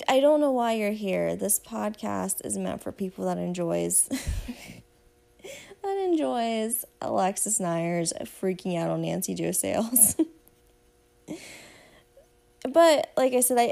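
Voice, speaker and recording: A woman's voice: mid-range voice, lively intonation, slow, vocal fry, mellow. A woman hosting a podcast, chatting casually and gushingly as she recaps a show and talks straight to her listeners. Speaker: podcast host.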